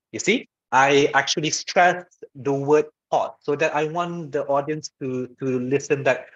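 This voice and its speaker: In dull, lo-fi webinar sound, a man with a mid-range, unhurried voice delivers a casual online public-speaking lesson. He keeps it conversational, often checking in with "okay" and "all right," and demonstrates vocal patterns by going loud, then soft.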